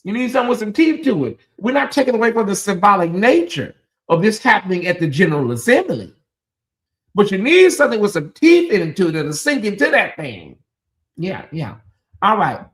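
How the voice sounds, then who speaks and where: A man with a notably high voice hosts a livestream, talking straight to his chat. He chats in an animated way and breaks into laughter often. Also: normal speed. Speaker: host.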